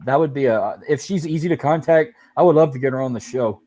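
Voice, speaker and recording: Man with a dark, mellow voice. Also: medium pitch, fast, no echo. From Louisiana. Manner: animated, rambling, self-correcting. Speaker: podcast host interviewing. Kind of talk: casual chat.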